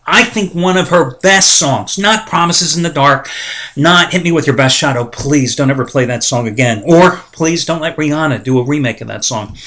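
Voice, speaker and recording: A sports betting site host delivers his daily talk as a casual monologue, ranting with strong opinions and asides. His voice is on the high side, bright and forceful, expressive, at normal speed, and chatty.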